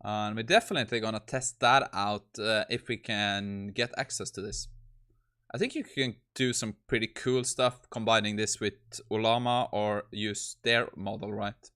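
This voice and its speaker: A man's voice: fairly low pitch, fairly even intonation, moderate pace, pushed and bright, clean tone. A man hosting a tech video who comments casually on a demo and thinks aloud. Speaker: host.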